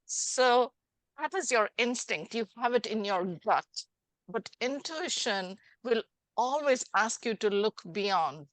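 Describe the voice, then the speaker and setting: A woman's voice: on the high side, expressive, slow, a bit bright, no room sound. A middle-aged woman hosting a podcast as a life coach, talking animatedly and acting out little scenes in dialogue. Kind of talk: casual interview chat.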